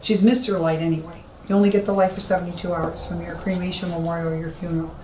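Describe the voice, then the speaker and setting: A woman's voice: on the low side, level tone, quick pace, mellow. Lady medium walking thru an old empty building, keeps repeating herself, echoey. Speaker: psychic medium. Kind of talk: walk-through commentary. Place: empty old police station indoors. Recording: echoey room, faint background hiss.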